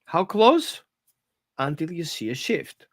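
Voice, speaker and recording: A dog trainer gives an informal live-stream lesson from home. The delivery is animated and conversational, with a coaching tone that keeps asking the listener to follow along. The voice sits at a middle pitch. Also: takes it slowly, no echo, studio quality.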